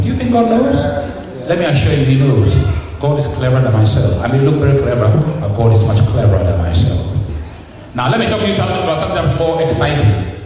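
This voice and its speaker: A man's voice: on the high side, background noise. A man preaching a sermon in a church, teasing the congregation and asking them questions. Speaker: visiting preacher. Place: church hall. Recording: distant echoey church hall recording.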